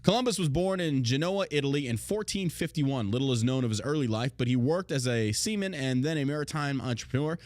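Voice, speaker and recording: A podcast host with a medium-pitched, slightly mellow voice talks animatedly and briskly, with few pauses, in a dry recording. Crude and mocking, he swears a lot while reading history aloud and ranting casually.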